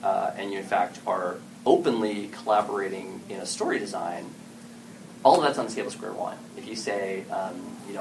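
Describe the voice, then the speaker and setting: At an event, a man gives a casual, animated talk on story games, acting out what players and game masters say. His voice is low and his pace moderate, picked up by a distant mic with clear background noise.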